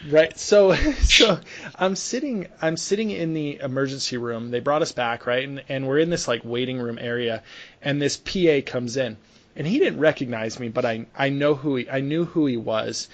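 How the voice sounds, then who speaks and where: A man's voice: mid-range voice, lively intonation, normal speed. A young man, a sports medicine clinician, chatting casually and telling a story with lots of restarts and fillers. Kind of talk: casual podcast conversation.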